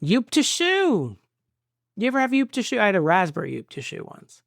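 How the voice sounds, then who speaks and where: Goofy, gravelly male podcast host. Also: high-pitched, huge pitch swings, brisk, no echo, studio quality. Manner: goofy, riffing, scatting nonsense. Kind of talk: casual chat.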